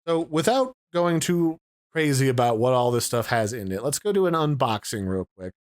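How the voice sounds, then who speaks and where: Tech reviewer, male, relaxed explainer, dry and close, mid-range voice. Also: medium pitch, normal speed, no room sound. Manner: casual, explanatory, conversational. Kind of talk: product review and unboxing.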